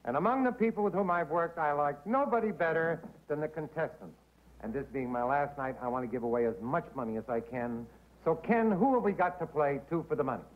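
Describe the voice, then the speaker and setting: On tinny old broadcast audio with a faint hiss, a man with a fairly high, animated voice hosts a comedy quiz show. He talks fairly quickly, wisecracking and chatting with the contestants.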